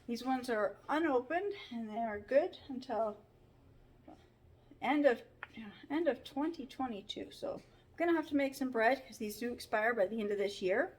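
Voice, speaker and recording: A woman's voice: fairly high pitch, expressive, moderate pace. A woman chatting casually in a home vlog, rambling with frequent ums while sounding tired. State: tired, yawning. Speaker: vlogger. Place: home kitchen pantry.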